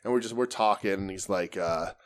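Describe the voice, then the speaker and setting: A man's voice: low voice, fairly quick, clear, resonant tone. A man co-hosting a podcast, telling a story in casual chat, rambling with lots of fillers and some swearing. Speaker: podcast co-host.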